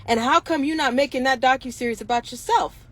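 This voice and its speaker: High pitched woman host ranting, indignant, question after question. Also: a bit bright. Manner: indignant, rapid rhetorical questions. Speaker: show host. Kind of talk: impassioned monologue.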